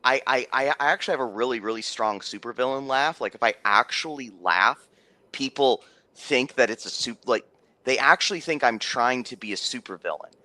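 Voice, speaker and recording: A man's voice: medium pitch, normal speed, sharp tone, dry recording. A man who runs tabletop games, telling a story in casual stream chat, rambling with many restarts and fillers. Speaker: game master.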